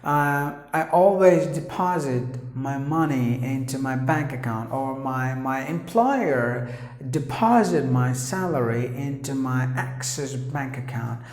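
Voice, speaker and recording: An Indian English-accented man teaches pronunciation at an unhurried pace, sounding out letters and repeating each word with earnest care. His voice sits at a middling pitch. He is recorded in a room with a noticeable echo. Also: expressive, a little mellow, soft background music. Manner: earnest, spells out sounds, repeats words slowly. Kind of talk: pronunciation lesson. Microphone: camera operated by his wife.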